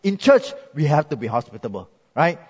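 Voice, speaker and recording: A Singaporean man preaches a chatty, animated sermon, his tone high and a little husky. His voice rings with a long echo in the church hall, and the recording sounds a bit dull. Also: fairly quick. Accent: Singaporean English. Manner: chatty, animated storytelling with frequent "right?" tags. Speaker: pastor.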